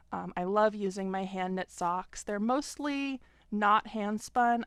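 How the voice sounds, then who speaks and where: A young adult woman calmly explaining, step by step, how she washes hand knits at home, with an occasional "um". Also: mid-range voice, clear, resonant tone, dry recording, studio quality. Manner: calm, step-by-step explaining with frequent "um". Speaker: fiber arts vlogger. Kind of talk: casual tutorial narration.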